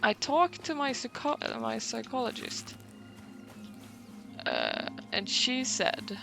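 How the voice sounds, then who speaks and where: Slow, gravelly-voiced sarcastic young woman. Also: on the high side, huge pitch swings, over music. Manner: sarcastic, swears freely, clears throat often. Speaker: streamer. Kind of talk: casual livestream chat.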